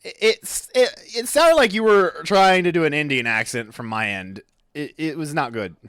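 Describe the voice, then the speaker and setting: A podcast co-host, this man has a fairly high, fairly bright, clean-toned voice with lively intonation at a moderate pace. His casual talk is rambling, with stumbles over words and frequent self-correction. The recording is dry and studio quality.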